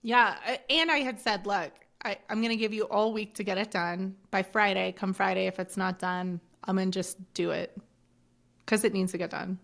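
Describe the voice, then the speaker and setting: A middle-aged woman with a gravelly, fry-laden edge talks candidly as a podcast guest. She tells her story bluntly, swears freely and acts out the lines of others. Her pitch sits in an ordinary middle range. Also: fairly even intonation, moderate pace, a bit bright.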